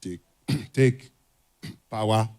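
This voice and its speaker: A young man talks to a conference audience in a lowish voice. He slips into little comic skits, then drives his point home with loud, repeated urging. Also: drawn-out words. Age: young adult. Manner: animated, acts out dialogues, builds to emphatic urging. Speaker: conference speaker. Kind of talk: motivational talk with comic skits. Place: conference hall stage.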